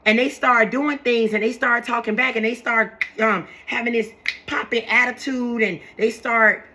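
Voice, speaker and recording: A young woman with a bright, sharp voice talks straight to her viewers in an animated, preachy way. She circles back and repeats her points as she goes. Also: fairly high pitch, normal speed. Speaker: vlogger talking to her viewers. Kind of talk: casual live chat to camera.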